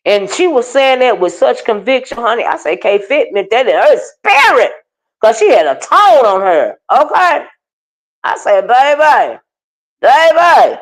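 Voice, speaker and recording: A chatty woman host with a drawl talks straight to her live viewers and calls them by name. She rides up and down through a wide, lively range, and her voice sits a little high. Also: normal speed, low-quality recording. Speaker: commentary channel host. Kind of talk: casual commentary on online drama.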